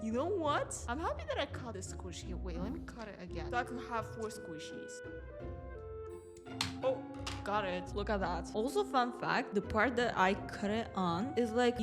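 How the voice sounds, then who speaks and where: A young woman from the United States giving excitable gameplay commentary as a gaming YouTuber, shrieking when chased. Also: medium pitch. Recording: echoey with music behind.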